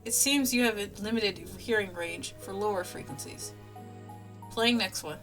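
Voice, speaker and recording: A woman's voice: mid-range voice, over music, natural voice. A woman voicing a cheerful female lab AI assistant who talks in a chipper, clinical way. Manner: chipper, clinical, briskly upbeat.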